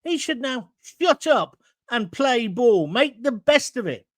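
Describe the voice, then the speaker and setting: A blunt, combative middle-aged man hosting a talk show, his pitch swinging widely as he mocks and argues. The sound is dry and close, with no room echo. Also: very animated, slow. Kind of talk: opinionated commentary reading viewer comments.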